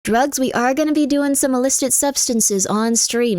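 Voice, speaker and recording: Young woman streamer, relaxed and jokey, thanks her chat a lot; higher voice, close and dry. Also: moderate pace, few pauses, dry recording. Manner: chatty and jokey, thanks viewers by name. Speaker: livestreamer. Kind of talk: casual live-stream chat.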